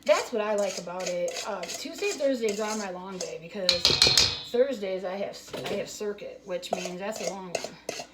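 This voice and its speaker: A woman talks on and on in a loose, storytelling way, full of restarts and fillers. She is cooking in her home kitchen, and clattering pots and dishes come through clearly behind her voice. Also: mid-range voice, moderate pace, heavy background noise. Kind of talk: rambling casual chat while cooking.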